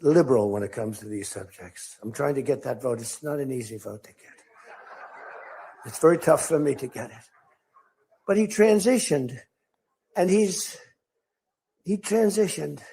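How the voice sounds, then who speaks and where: Before a crowd, an older man delivers a rambling political speech without a script, storytelling and mimicking the people he quotes in different voices. His medium-pitched voice is animated, warm, gravelly and slightly rough, moving at a moderate pace with frequent pauses.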